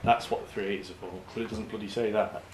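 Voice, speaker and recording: A man's voice: fairly low pitch, level tone, quick pace, darkish tone, rough recording. A young man, chatting casually to camera as a family vlogger, explaining things at length with dry jokes. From Cheshire, England. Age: young adult. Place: inside a car. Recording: road noise in a car.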